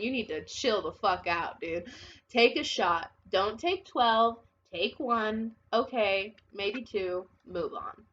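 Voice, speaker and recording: A woman's voice: fairly high pitch, a bit bright, highs cut off. A woman giving a casual tarot reading, chatty and blunt, who swears and laughs a lot and sounds a little congested and unwell. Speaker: tarot reader.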